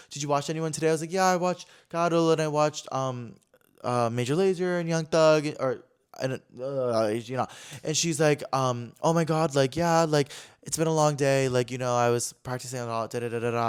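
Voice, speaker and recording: A young man hosting his own podcast, telling a story in casual chat, full of fillers and acting out quotes in higher voices. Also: clear, resonant tone. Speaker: podcast host.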